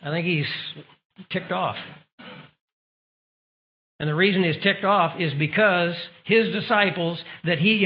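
A man preaching a sermon in an emphatic style, asking the audience rhetorical questions. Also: on the high side. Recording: dull lo-fi recording.

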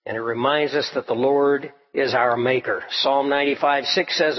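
A man preaching an expository Bible sermon in a steady teaching voice, clearing his throat now and then. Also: mid-range voice, moderate pace, hardly any pauses. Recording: dull lo-fi recording.

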